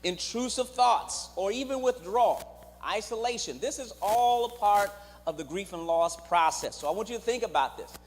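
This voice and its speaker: A man's voice: high-pitched, animated, normal speed. A man, a clinician, giving a teaching to a church congregation, speaking to the listeners directly and asking them to repeat words back to him. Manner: engages the audience directly, acts out quoted voices. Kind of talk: church teaching with call-and-response. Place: church sanctuary. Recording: reverberant church hall on a live stream.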